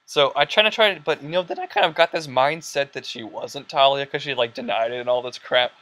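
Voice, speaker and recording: Bright, rambling young podcast guy. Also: medium pitch, brisk. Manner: rambling, excitable, full of fillers and quoted lines. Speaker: podcast host. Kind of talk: casual chat.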